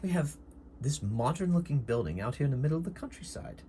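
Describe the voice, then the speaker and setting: A man's voice: a little high, lively intonation, quick pace, dark tone, slight background noise, voice pushed up, natural voice. A man voicing a pompous upper-class male doctor in a solo tabletop game, using a put-on posh accent. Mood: genteel.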